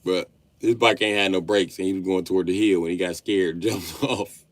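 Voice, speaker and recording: This late-30s man has a low-pitched voice and a fairly quick delivery, recorded without echo. His livestream is an animated, profane comedic storytelling rant punctuated by his own laughter.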